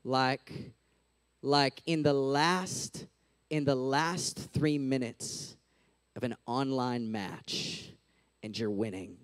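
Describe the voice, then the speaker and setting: A man's voice: medium pitch, slow pace, clear, resonant tone, dry recording. A man in his thirties giving a casual, chatty sermon as a youth pastor, full of "like" and "right?", on a close mic.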